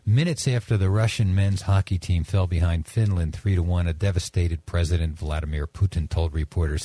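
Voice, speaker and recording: A man's voice: low-pitched, steady tone, normal speed, warm tone, no room sound. A man hosting a radio talk show, reading news items with dry, wry commentary.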